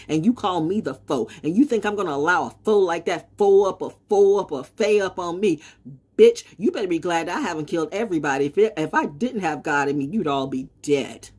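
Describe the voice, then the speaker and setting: A woman in her sixties giving a defiant, rambling monologue, swinging from loud outbursts to low mutters. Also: slightly rough. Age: 60s. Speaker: vlogger. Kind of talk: unscripted monologue.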